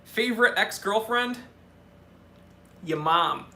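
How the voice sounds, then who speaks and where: A man with a high, bright voice runs a casual live Q&A, reading viewer questions aloud. He answers in a joking way, full of quick asides and restarts mid-sentence. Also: lively intonation, gravelly. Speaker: watch channel host.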